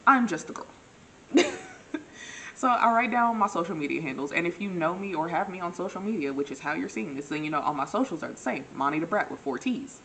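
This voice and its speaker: This young woman tells a dating story to her viewers in a casual, joking way. Her voice sits a little low, but it leaps up whenever she acts out what someone said. A faint hiss runs under the recording. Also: fast talker, hardly any pauses, low-quality recording. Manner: animated, acts out quotes with big pitch jumps; self-mocking, laughs often. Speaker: vlogger.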